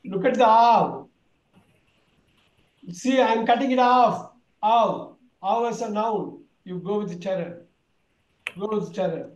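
Male teacher, high-pitched, roomy echo; drills word families and quizzes the class. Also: slow pace, long pauses, lo-fi sound. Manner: drilling, repeats words, quizzes students. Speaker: English teacher. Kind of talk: online vocabulary lesson.

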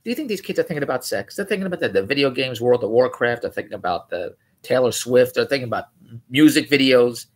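A man's voice: mid-range voice, lively intonation, fast, slightly rough. A man riffing in a rambling, mocking way on a news article, often correcting himself. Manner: rambling, digressive, self-correcting; incredulous, mocking. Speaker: vlogger.

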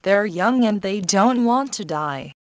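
Woman doing a sorry old dad in a storybook, slow and pleading, dry sound. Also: medium pitch, expressive, no room sound, lightly acted. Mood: worried. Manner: pleading, sorrowful. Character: old, sad father, a merchant.

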